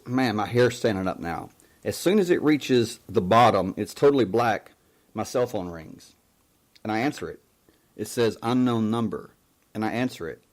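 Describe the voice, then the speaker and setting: A man telling a personal story in a casual, halting way on a live talk show, full of fillers and restarts. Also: fairly low pitch.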